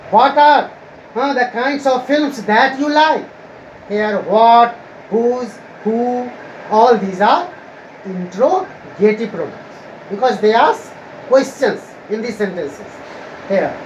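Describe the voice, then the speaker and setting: A woman teaching a grammar lesson to students, explaining slowly and repeating herself. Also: on the high side. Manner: slow, repetitive explaining to students. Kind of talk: recorded online grammar lesson. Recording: echoey room with faint ambient noise.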